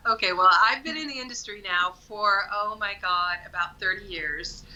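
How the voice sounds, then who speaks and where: A woman in her fifties speaks as an interview guest, her tone very sharp and bright. She comes through a muffled, dull-sounding line. She talks conversationally and often tags her points with "right?". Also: mid-range voice, moderate pace. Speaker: guest, nail brand creative director. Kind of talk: casual interview.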